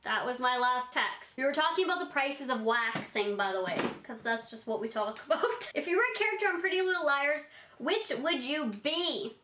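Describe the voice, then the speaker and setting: A woman's voice: high voice, animated, normal speed, pushed and bright, reverberant, slight background noise. A young adult woman answering fan questions in a bubbly, rambling vlog chat, full of "like". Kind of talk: casual Q&A vlog.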